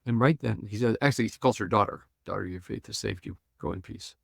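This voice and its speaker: An older man, a pastor and Bible scholar, retelling a story with lively acted-out lines and chuckles in a podcast conversation. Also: on the low side, fast, creaky, dry recording, clean studio sound. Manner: retells scenes acting out quoted lines, chuckling.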